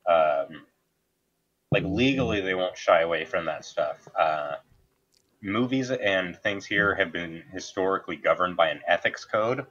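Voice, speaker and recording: A man with an American accent chatting casually, explaining points in a measured way. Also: sits low, lively intonation, fairly bright tone, dull audio. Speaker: podcast co-host. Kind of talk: casual chat about anime.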